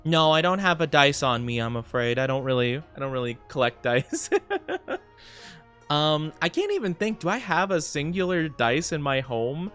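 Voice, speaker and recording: With a fairly high-pitched, clear, resonant voice, a man streaming as a VTuber talks casually to viewers while he plays. He reads chat aloud, wanders off on tangents, laughs often, and grows excited during greetings.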